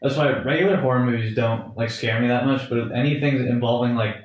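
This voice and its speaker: A man's voice: medium pitch, fairly quick, a little hiss or hum. A young man in a casual podcast chat, rambling along with plenty of fillers in a mid-range voice. He sounds distant from the mic, in a strongly echoing room. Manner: rambling, heavy use of "like". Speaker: podcast co-host. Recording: echoey room, far from mic.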